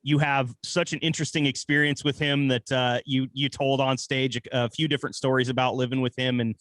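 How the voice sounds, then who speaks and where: A male podcast host with a middle-pitched voice in a dead, dry room. He leads into his question haltingly, stopping and restarting with frequent fillers as he sets up his guest's story. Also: little pitch movement, a bit bright, no echo. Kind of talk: interview questions.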